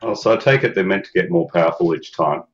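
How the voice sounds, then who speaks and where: A man's voice: deep voice, fast talker. A man on a gaming stream, making dry, wry remarks in casual chat. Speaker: co-host on stream. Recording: dull lo-fi mic with typing.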